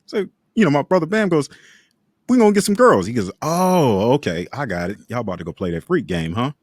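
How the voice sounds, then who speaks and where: A man tells stories on a podcast in an animated, laughing way, his pitch leaping wildly from low to high as he acts out other voices. The sound is dry and close, with no room around it. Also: fairly quick, no room sound. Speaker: podcast co-host. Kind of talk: casual storytelling.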